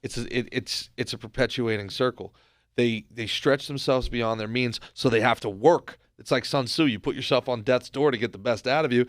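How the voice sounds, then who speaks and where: A man from New Jersey co-hosting a podcast, telling stories in an animated, profane way and acting out quotes. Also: mid-range voice, normal speed, no echo, studio quality. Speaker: podcast co-host. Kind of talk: casual podcast chat.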